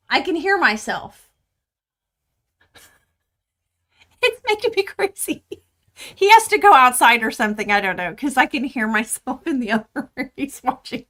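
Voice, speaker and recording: A woman's voice: a little high, sharp tone. A woman in her fifties hosting a quilting livestream from home, chatting casually and rambling with lots of fillers and restarts.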